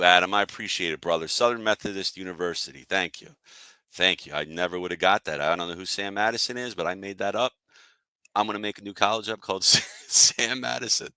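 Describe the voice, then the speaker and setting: A man's voice: lowish voice, pushed and bright, no room sound. Fired-up man ranting about sports. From Philadelphia area. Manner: annoyed, fired-up, talks to chat viewers. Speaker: sports podcast host. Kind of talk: casual sports rant.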